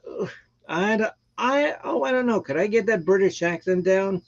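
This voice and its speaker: A man hosting a live stream, talking in a rambling, animated way and laughing often. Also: high voice, unhurried, highs cut off. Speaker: host of a live music stream. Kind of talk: casual chat.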